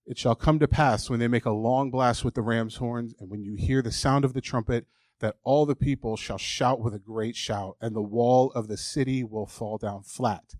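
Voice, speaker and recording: A man's voice: mid-range voice, steady tone, normal speed, a little mellow, no echo, clean studio sound. Emphatic man preaching to a congregation. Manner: emphatic, candid, acts out mocking inner voices. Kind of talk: sermon.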